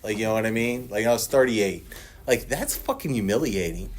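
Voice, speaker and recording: Speaking at medium pitch and a normal pace, a man in his forties gives a personal share at a recovery meeting. He swears a lot, laughs often, and acts out what other people said as he tells his story.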